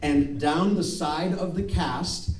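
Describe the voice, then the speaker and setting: An American man with a slightly high voice takes his time delivering a live spoken word piece to a club crowd. He pokes fun at himself and performs the dialogue, and the distant recording carries the roomy sound of the club.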